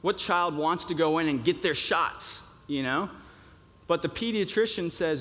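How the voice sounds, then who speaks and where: A man's voice: on the high side, normal speed, a bit bright. A young man preaching a sermon in a conversational way, with many fillers and restarts. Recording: long reverb of a hall.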